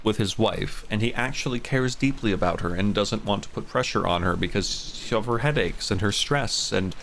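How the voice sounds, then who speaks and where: A man's voice: on the low side, normal speed, creaky, a bit bright, a little hiss or hum. A man streaming a game, chatting casually and rambling with frequent restarts and laughter.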